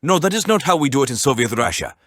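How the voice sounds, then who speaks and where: A man's voice: mid-range voice, very animated, quick pace, a bit bright, dry recording, clean studio sound, pitched above the performer's own voice. A man voicing a menacing Soviet rifle in a mock Russian accent.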